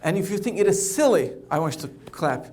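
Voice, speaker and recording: A middle-aged man, an oncologist, giving a conference keynote in a conversational, halting way, often repeating words. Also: high-pitched, sing-song, a little mellow.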